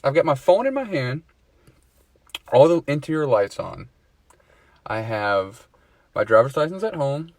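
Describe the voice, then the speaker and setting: A man in a relaxed chat tells a rambling story, swearing freely and breaking into laughter at himself. His voice sits at an average pitch and is recorded close and dry, with no room sound. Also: a little slow, long pauses, dry recording. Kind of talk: casual storytelling among friends.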